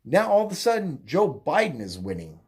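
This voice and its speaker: Brisk and husky, with a medium pitch that swoops wildly, a political commentary host rants alone. He mocks crudely, rambles with fillers, corrects himself, and keeps laughing at his own jokes.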